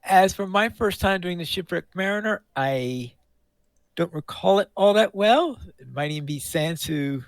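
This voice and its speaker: A man's voice: high voice, lively intonation, unhurried, dry recording. A man co-hosting a game podcast in casual chat, often repeating words as he thinks aloud. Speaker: podcast co-host.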